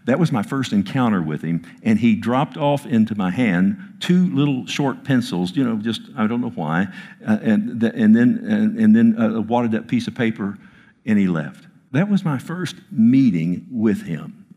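A male pastor tells a personal story in a sermon, earnest and emphatic, often halting and restarting. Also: lowish voice, animated, warm tone. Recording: long reverb of a large hall.

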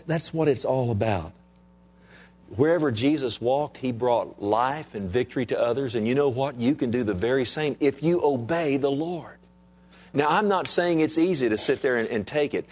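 A middle-aged man preaches a Sunday sermon in a conversational way. He keeps turning to his listeners with questions, and his voice sits at an ordinary, middle pitch. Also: a little mellow. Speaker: pastor.

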